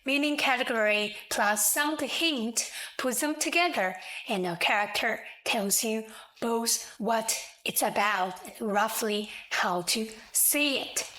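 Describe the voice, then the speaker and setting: A woman narrating a scripted language lesson, explaining slowly, clearly and deliberately. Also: fairly high pitch, bright, forceful tone, low-quality recording. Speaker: language teacher.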